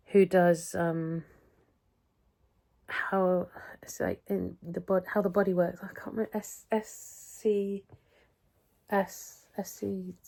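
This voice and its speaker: A woman's voice: low-pitched, warm tone. A middle-aged British woman talking through a casual weekly health update vlog, rambling and chatty, often interrupting herself. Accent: British English. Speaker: vlogger.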